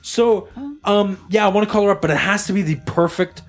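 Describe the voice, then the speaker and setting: A man's voice: high-pitched, a little fast, soft background music. A young man hosting a podcast, telling a story in a casual, joking way and acting out callers' lines. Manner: animated storytelling, jokey voices for callers. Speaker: podcast host. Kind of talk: casual chat.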